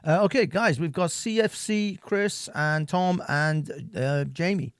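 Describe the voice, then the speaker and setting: A man's voice: fairly high pitch, a little slow, clear, resonant tone, no room sound, clean studio sound. A man co-hosting a live stream who chips in with brief, easygoing remarks and brings on callers. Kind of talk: casual chat.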